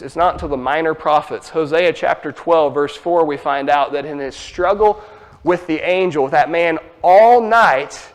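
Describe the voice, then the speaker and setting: A man with an Ozarks accent preaching a sermon, teaching emphatically with lively asides. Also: high voice.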